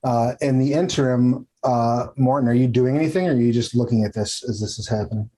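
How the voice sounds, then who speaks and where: A man's voice: medium pitch, a little fast, dark tone, poor audio. Rambling male game master. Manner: rambling, many fillers and restarts. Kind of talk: narrating a tabletop game.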